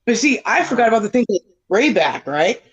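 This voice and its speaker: A man's voice: high-pitched, sing-song, fast talker, slightly rough. A man telling a rambling, self-mocking story on a casual livestream panel, full of fillers and "right?" tags. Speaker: panel guest. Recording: dull lo-fi stream audio.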